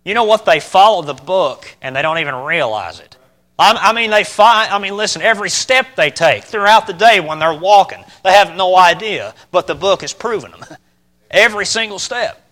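A man preaching a sermon, asking his listeners questions and swinging between loud emphatic bursts and quiet, calm lines. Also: sits high, moderate pace. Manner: asks the listeners rhetorical questions.

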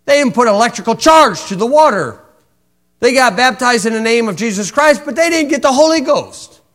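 High-voiced preacher with a folksy, wry delivery. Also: male voice, expressive, normal speed, a bit bright. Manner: folksy, wry preaching, recites King James scripture. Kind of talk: sermon.

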